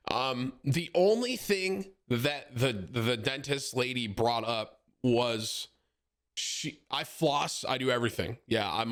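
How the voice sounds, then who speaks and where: A man's voice: mid-range voice, a bit bright. Rambling streamer man, joking with chat. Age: 30s. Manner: rambling, joking storytelling with slang like bro and dude.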